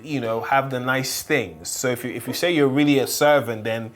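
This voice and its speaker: A man's voice: mid-range voice, moderate pace. A man with a mid-range voice argues his points with emphasis. He often restarts and repeats words as he builds up to a claim. He speaks in a candid panel discussion. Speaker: pastor's child on a panel.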